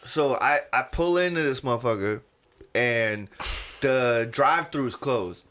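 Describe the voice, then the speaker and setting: Bright-voiced man telling a wild story. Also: mid-range voice, unhurried. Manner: animated storyteller, acts out others' voices. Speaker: podcast co-host. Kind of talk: casual storytelling chat.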